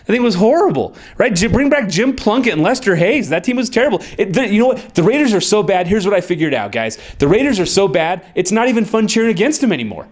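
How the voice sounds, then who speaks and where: Excitable man making football picks. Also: fast talker, hardly any pauses. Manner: excitable, emphatic and sarcastic; jumps high in pitch when worked up. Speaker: football analyst. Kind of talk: sports predictions monologue.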